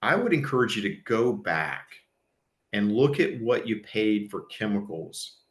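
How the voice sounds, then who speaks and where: Earnest low-voiced man presenting in a roomy space. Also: very animated, unhurried. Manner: earnest, conversational, frequent restarts and fillers. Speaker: pool service company presenter. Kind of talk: educational seminar talk.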